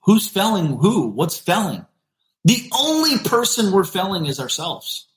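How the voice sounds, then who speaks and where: A male podcast host giving an energetic, emphatic motivational business talk, repeating punchy phrases. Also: high voice, a little slow, echoey room.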